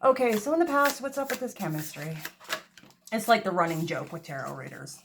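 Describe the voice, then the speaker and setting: A woman's voice: medium pitch, lively intonation, brisk, creaky, background noise. A woman giving a casual tarot reading, chatty and self-mocking, swearing freely, recorded on a phone. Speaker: tarot reader. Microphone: phone camera.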